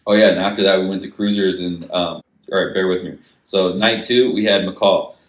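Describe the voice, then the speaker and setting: A man's voice: sits low, fairly even intonation, moderate pace. A man chatting casually about touring, laid-back and swearing, with many fillers. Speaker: musician and co-host. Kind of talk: casual chat. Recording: echoey room.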